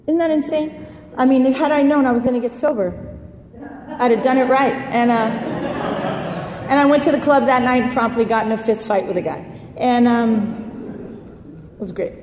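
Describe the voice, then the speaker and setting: A woman in her forties telling a personal story in a lively, candid way, acting out the voices she quotes. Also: high-pitched, normal speed, long pauses. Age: 40s. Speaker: speaker sharing a recovery story. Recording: echoey hall, faint background noise.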